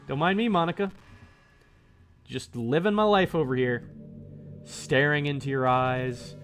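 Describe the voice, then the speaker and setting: A man's voice: on the high side, unhurried, pauses often, a bit bright, soft background music. A man streaming a visual novel, joking and talking to the game character as he plays. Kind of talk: casual gameplay commentary.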